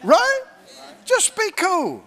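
A man with a very high voice preaches a sermon very slowly but with animation. He laughs often and acts out the voices of the people he quotes.

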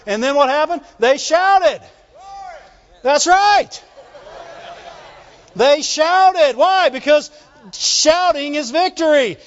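A very high-pitched man preaches an emphatic sermon, often breaking into shouts and calling on the congregation to answer him. His voice rings with a long reverb through a large church sanctuary. The sound is dull and muffled.

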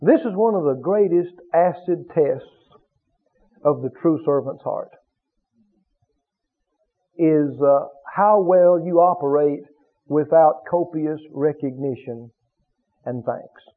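A man's voice: fairly high pitch, slow, long pauses. A man preaching a sermon, questioning the congregation and acting out little scenes. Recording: phone-like tinny recording.

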